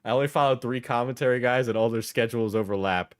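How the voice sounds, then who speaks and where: A man hosting a live stream, reacting with rambling, halting commentary and frequent laughs. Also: medium pitch, smooth, no room sound, studio quality. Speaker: streamer host.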